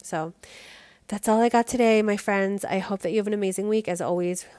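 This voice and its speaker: A woman's voice: mid-range voice, fairly quick, a little mellow, no room sound. A woman in her thirties hosting a solo podcast, talking candidly and conversationally with many "like" fillers. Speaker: podcast host.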